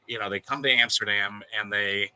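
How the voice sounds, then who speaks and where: A man's voice: on the low side, fairly even intonation, fairly quick, bright, forceful tone, clean tone, dry recording, rough recording. A young man from the States chatting casually, rambling with lots of fillers and restarts. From United States. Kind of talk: casual chat.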